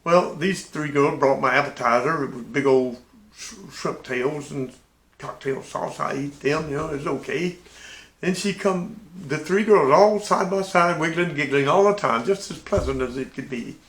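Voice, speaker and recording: An older man and navy veteran telling a sea story in a folksy, animated way. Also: on the high side, moderate pace, roomy sound. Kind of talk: casual spoken anecdote.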